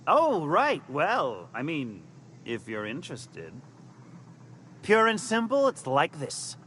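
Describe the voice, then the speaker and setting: A man voicing a fast-talking male con man in a video game, who uses folksy slang and stammers when he is caught out. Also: fairly high pitch, huge pitch swings, a bit bright, slight background noise, heavily acted. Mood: scheming. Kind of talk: video game character dialogue. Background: faint game music.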